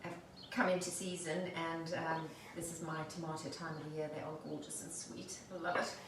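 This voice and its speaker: A woman's voice: low-pitched, little pitch movement, brisk, background noise. Chatty woman in an echoey kitchen. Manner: chatty, cheerful. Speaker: cooking show host. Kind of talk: casual cooking demonstration. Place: home kitchen. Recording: echoey room, mic far off.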